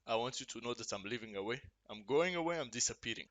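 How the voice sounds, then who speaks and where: A man's voice: medium pitch, lively intonation, quick pace, fairly bright tone. A young man from Ukraine, talking candidly and profanely to camera in a casual confessional vlog at home. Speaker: gamer.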